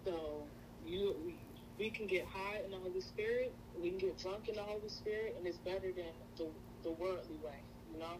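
A woman guest speaking in a relaxed faith conversation, hesitant and thoughtful, leaning on fillers. Her voice is fairly low. A clear hiss sits under the recording. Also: moderate pace, few pauses. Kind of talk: casual faith chat.

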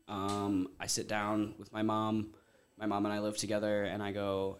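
A man of about thirty from Ohio, speaking as a guest on a podcast, with a somewhat low voice. He talks openly and at length in a loose, rambling way, with plenty of "like" and the odd casual curse. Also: completely flat delivery, a little slow. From Ohio, USA. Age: around 30. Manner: candid, rambling storyteller, heavy use of "like", swears casually.

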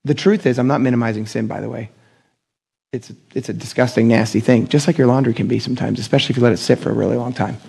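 Gravelly-voiced animated male preacher. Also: medium pitch, fast. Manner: conversational and animated, acting out quoted voices. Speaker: pastor. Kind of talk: sermon.

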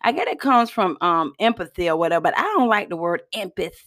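A woman hosting a casual motivational talk in a folksy, chatty way, often clearing her throat and coughing. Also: lowish voice, lively intonation, fast, a bit bright. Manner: chatty, folksy, addresses listeners as y'all. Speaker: host.

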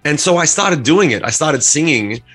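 Australian man, podcast co-host, bright forceful voice, rambling casual stories, faint music behind. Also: fairly high pitch, animated, moderate pace, slightly rough. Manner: rambling storyteller, swears freely. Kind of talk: casual chat.

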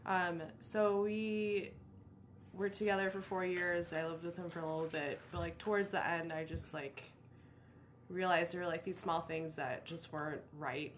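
A woman's voice: on the low side, fairly even intonation, normal speed, a little hiss or hum. A woman guest telling her story in a hesitant, filler-heavy way. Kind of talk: casual chat.

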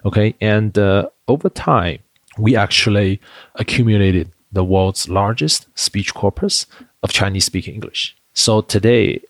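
A man's voice: on the low side, unhurried, dry recording. A man, a company founder, answering interview questions in a chatty storytelling way, full of fillers and restarts. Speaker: edtech founder, guest. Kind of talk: interview conversation.

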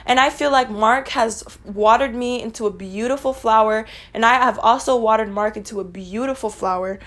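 A young woman talks straight to her listeners in a casual solo podcast. Her voice sits a little high, and she speaks bluntly and with feeling, swearing freely as she goes. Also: moderate pace, fairly bright tone. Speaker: podcast host. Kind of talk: casual personal podcast monologue.

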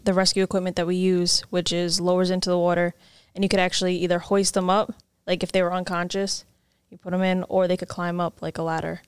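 A woman's voice: on the low side, flat delivery, fast talker, clean tone, no echo, clean studio sound. A woman ferry captain, recounting a river rescue in a plain, matter-of-fact way during a casual interview. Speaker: ferry captain, podcast guest.

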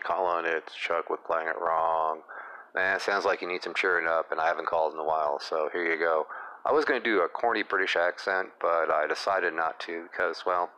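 A man's voice: low voice, bright, forceful tone, poor audio. A man leaving an upbeat, encouraging voice message for a podcast host. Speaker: caller, podcaster. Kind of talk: casual voice message.

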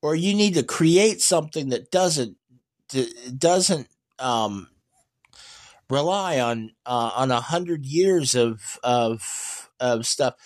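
Speaking slowly at a medium pitch, this man is an EV news vlogger chatting loosely about electric cars. His opinionated, rambling talk brims with fillers, false starts and forceful, animated outbursts.

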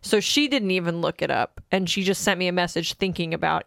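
A woman's voice: lowish voice, animated, fairly quick, gravelly, a bit bright, no echo, clean studio sound. A young woman co-hosting a casual podcast, telling a story with lots of laughter and acted-out quotes. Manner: chatty storyteller, laughs often, acts out quotes. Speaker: podcast co-host. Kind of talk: casual chat.

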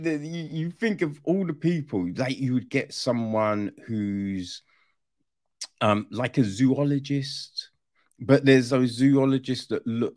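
A man giving a casual, rambling film review rant, exasperated and swearing freely. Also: medium pitch.

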